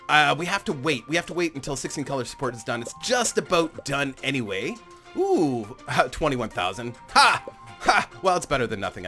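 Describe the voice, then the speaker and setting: A man talks through his game in a loose, rambling way, often amused at his own remarks. His voice sits a little high and swings widely in pitch. Faint music plays under his commentary. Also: a bit bright. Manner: chatty, rambling, self-amused, laughs often. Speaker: gaming channel host. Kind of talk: casual gameplay commentary.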